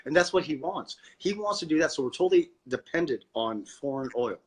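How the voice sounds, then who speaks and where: Husky canadian guy ranting politics on a podcast, swears a lot, stumbles over words. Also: fairly high pitch, expressive, brisk. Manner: ranting, profane, repeats words when worked up. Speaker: podcast co-host. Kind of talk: casual political chat.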